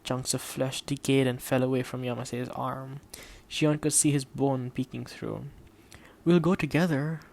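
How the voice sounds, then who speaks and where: A man narrates an audiobook at a steady, measured pace in a mid-range, medium-pitched voice with a gravelly texture. He keeps the characters' lines quiet rather than theatrical.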